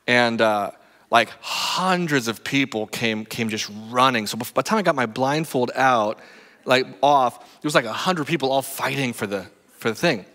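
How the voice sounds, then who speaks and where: A pastor delivering a storytelling sermon, his voice bright and lively, swinging widely in pitch. He keeps asking the crowd "right?" as the sound rings through a church hall with long reverb. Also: moderate pace. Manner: animated, acts out stories, talks to the crowd with "right?". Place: church sanctuary.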